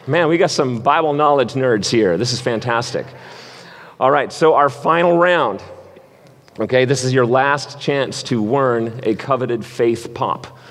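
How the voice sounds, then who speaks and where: Man, pastor, sermon, playful and energetic, long reverb of a church hall. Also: medium pitch, measured pace. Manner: playful, energetic game-show hosting. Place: church sanctuary.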